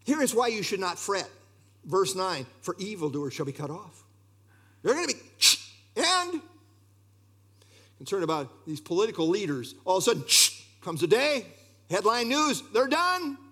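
A man preaching a sermon, expressive and talking straight to his congregation with asides. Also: sits high, normal speed, husky. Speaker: pastor.

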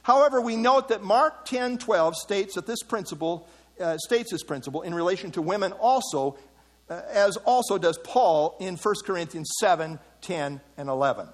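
A man giving a measured, explanatory Bible teaching, pausing often with "uh" as he works through a passage. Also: high voice, expressive. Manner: measured, explanatory, with frequent "uh" fillers. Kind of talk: sermon-style Bible teaching. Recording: long hall reverb.

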